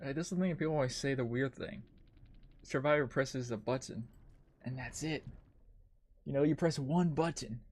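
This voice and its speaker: A man's voice: mid-range voice, normal speed, long pauses, darkish tone. A man streaming a game, ranting in frustration and swearing a lot as he comments on his play. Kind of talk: live gameplay commentary.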